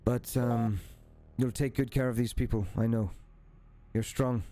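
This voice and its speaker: A man voicing a grieving male hunter set on revenge, who speaks in a grave, measured way with few words. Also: mid-range voice, fairly even intonation, mellow, natural voice.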